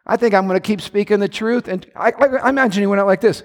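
A male pastor preaching a sermon, swinging between low, quiet asides and loud, shouted lines. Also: fast talker, in a large hall.

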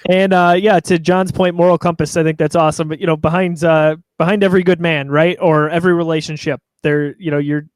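A man hosting a casual podcast chat, speaking in a measured way as he steers the conversation. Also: fairly high pitch, no room sound. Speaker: podcast host.

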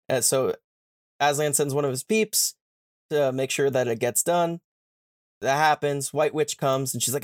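A man's voice: mid-range voice, fairly even intonation, no echo, clean studio sound. A man hosting a podcast, casually retelling a book's plot, with swearing and slangy paraphrased dialogue. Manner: irreverent, swears, paraphrases characters in quick modern slang. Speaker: podcast host.

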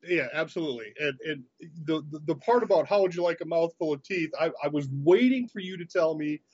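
A man's voice: on the high side, fairly quick, slightly rough, dry recording. A man appearing as a podcast guest, talking casually about movies and stories with frequent restarts. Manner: relaxed, with repeated restarts. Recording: dry, dull audio.

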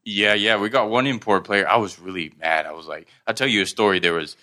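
A man from Thailand, a professional basketball player, chatting as a podcast guest and telling animated, boastful stories. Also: fairly low pitch, fairly quick. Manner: animated storyteller who acts out other people's lines, boastful. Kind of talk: casual storytelling conversation.

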